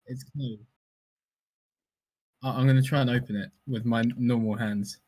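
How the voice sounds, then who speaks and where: A man's voice: medium pitch, fairly even intonation, moderate pace, darkish tone, no echo. A man playing a tabletop role-playing game, playful and stammering as he describes what his character does. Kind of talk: casual tabletop role-play chat.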